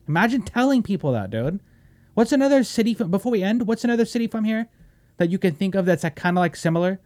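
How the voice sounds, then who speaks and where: A man hosting a podcast, ranting loudly and mockingly with heavy swearing, dropping to low mutters between outbursts. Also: expressive, fast. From Washington State, US. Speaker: podcast host. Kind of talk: casual podcast rant.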